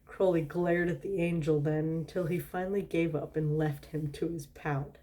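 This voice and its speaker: A woman's voice: deep voice, steady tone, moderate pace, warm tone. A tipsy woman doing a storytime reading, giggling and breaking off with asides and laughter.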